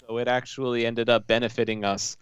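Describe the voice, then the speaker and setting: A man co-hosting a casual podcast, telling stories with lively quoted asides. His voice is smooth and clear, recorded dry on a close mic. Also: mid-range voice, brisk, no echo, highs cut off. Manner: storytelling, animated retelling with quoted asides. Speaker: podcast co-host. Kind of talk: casual chat.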